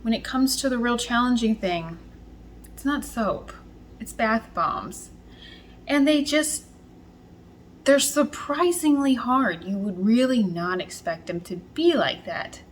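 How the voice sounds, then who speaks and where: A woman hosting a casual home vlog, talking through her work in a chatty, self-deprecating way with quick bursts of speech. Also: a little high, lively intonation, a little hiss or hum, low-quality recording. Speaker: soap maker and channel host. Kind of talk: casual vlog narration while working.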